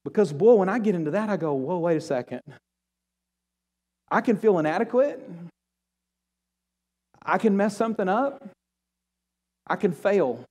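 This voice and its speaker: Male pastor, sermon, animated storytelling, slightly high voice, long reverb of a church hall. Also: moderate pace, long pauses. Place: church sanctuary.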